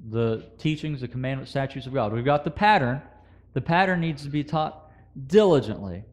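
A man's voice: a little high, darkish tone. A man preaching a sermon, talking through scripture in a conversational way with quoted verses and asides to the congregation.

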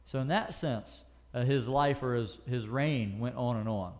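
A man teaching a Bible passage verse by verse, reading scripture slowly and asking his listeners questions, with frequent fillers and self-corrections. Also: medium pitch, darkish tone.

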